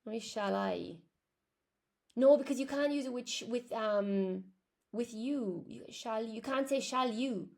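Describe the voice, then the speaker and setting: A woman's voice: on the high side, a little slow, vocal fry, darkish tone. Chatty Irish woman teaching English live. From Ireland. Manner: chatty, answers viewers' comments. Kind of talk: live-stream lesson.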